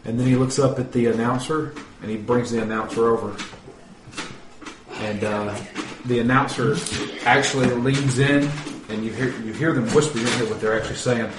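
A man's voice: medium pitch, steady tone, moderate pace. Man running a tabletop game, echoey and distant. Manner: swearing, laughing, rambling narration. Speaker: game master. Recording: echoey room, mic far off, noisy.

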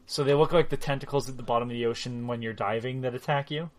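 A man telling a friend about a game he played, animated and loose with his swearing. His voice sits at an ordinary middle pitch. He acts out the lines as he goes. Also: fast talker. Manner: animated storytelling, swears freely, acts out quotes. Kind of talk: casual chat recapping a video game.

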